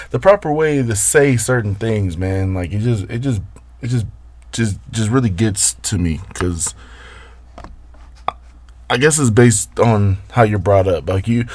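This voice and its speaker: A man's voice: lowish voice, a little slow, pauses often, darkish tone. A man hosting a casual solo podcast, rambling and swearing as he talks straight to his listeners. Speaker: podcast host.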